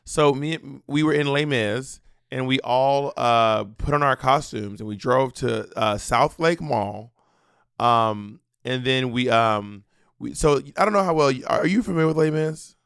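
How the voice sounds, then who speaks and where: A man in his thirties co-hosting a casual chat, telling stories in an animated way. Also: mid-range voice, a little slow, vocal fry, clear, resonant tone, dry recording, clean studio sound. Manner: storytelling, animated, laughs often. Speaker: podcast co-host.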